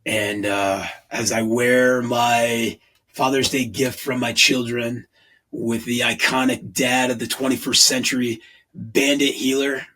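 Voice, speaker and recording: Guy in his 40s hosting a podcast, kinda husky, earnest and rambly. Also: mid-range voice, flat delivery, slow, bright, forceful tone, poor audio. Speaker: podcast host. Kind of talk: casual podcast monologue.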